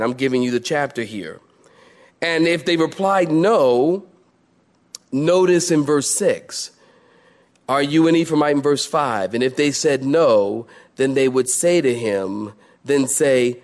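Animated preaching man, fairly high voice. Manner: animated, laughs while preaching, acts out quoted voices. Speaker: pastor. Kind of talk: sermon.

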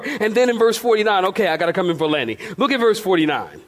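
Brief: man with a fairly high voice, pastor mid-sermon, animated storyteller, playful church delivery. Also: fast talker. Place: church sanctuary.

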